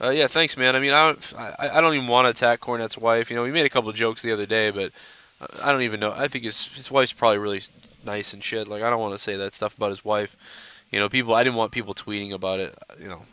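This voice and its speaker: A man's voice: medium pitch, steady tone, fast, pushed and bright, clear, resonant tone, no room sound, poor audio. A male live-show host in a mocking, combative rant to camera, swearing heavily. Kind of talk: angry profane rant to camera. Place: seated at home in front of a camera.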